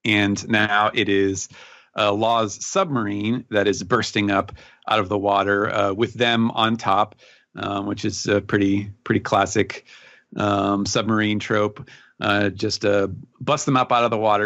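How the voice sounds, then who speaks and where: Low-voiced man rambling through a recap. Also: fairly even intonation, moderate pace, a bit bright, highs cut off. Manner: rambling, filler-heavy, hesitant. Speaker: podcast panelist. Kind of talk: casual recap.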